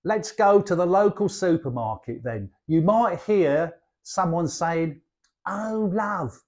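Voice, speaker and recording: A lesson guest from London's East End, an older man with a Cockney accent, chats cheekily about slang with playful asides. His voice is fairly high and a little mellow, expressive, at a measured pace.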